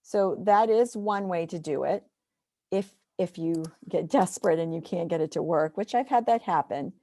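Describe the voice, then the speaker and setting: A woman's voice: on the low side, moderate pace, mellow, dry recording, clean studio sound. A woman teacher walking through a screen-share tutorial step by step, explaining patiently.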